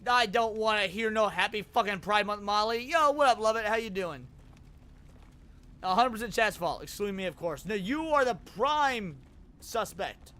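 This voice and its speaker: A man streaming a game with a very high, bright voice. He is excitable, swears freely and bounces between complaints and chat banter. His pitch moves all over the place. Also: normal speed. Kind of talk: casual gaming commentary.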